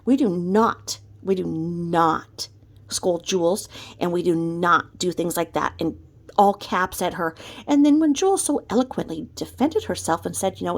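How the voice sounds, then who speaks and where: A woman's voice: lowish voice, animated, measured pace. A woman delivering a ranting commentary vlog from her home desk, emphatic and repetitive in her scolding. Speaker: commentary vlogger.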